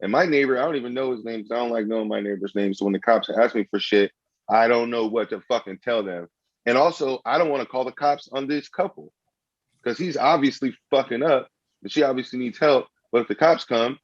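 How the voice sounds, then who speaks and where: A man's voice: medium pitch, fairly quick, dry recording, muffled recording. Blunt man comedian, dry sound. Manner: blunt, profane storytelling. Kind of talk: casual podcast chat.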